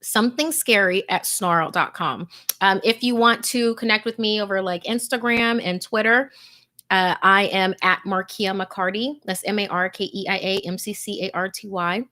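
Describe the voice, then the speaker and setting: Woman livestream host, mid-pitched; hushed, whispery horror reading that loosens into laughing, casual chat. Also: normal speed. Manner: hushed, tense narration dropping into whispers, chatty and laughing between readings. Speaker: livestream host and story narrator.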